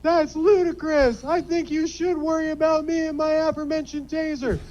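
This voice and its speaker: Man playing Bessie Bones, shrill angry yokel. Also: flat delivery, normal speed, lo-fi sound. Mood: irate. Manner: shouty, indignant, high-pitched. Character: angry taser-toting male yokel in line.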